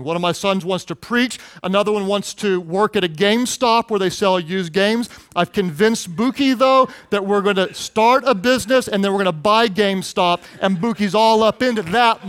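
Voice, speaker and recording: A middle-aged male pastor preaching a sermon, telling stories with lively acted-out quotes. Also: clear, resonant tone, no room sound. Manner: animated storytelling, acts out quotes in a high excited voice.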